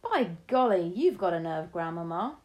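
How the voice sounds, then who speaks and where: A woman's voice: medium pitch, big pitch swings, moderate pace, warm tone. A woman voicing an eager, impatient young boy who pleads for answers. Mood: impressed.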